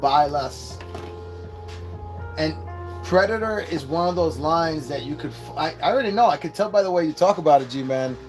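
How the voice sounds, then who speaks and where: A man with a fairly high voice hosts a loose live unboxing. He rambles, swears freely and talks straight to his viewers while clear music plays behind him. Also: expressive, brisk. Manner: rambling, profane, chatty with viewers. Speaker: host. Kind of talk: casual live unboxing chat.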